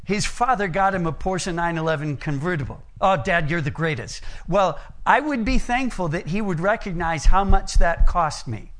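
A man's voice: high voice, expressive, normal speed, few pauses, fairly bright tone. A middle-aged man preaching a sermon, plain-spoken, who illustrates his point with a long personal story and humorous asides.

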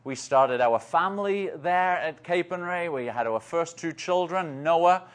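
A man's voice: fairly high pitch, expressive, a little slow. Chatty English man preaching. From northeast England. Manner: chatty, self-deprecating, joking asides. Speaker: guest speaker. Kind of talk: conversational preaching.

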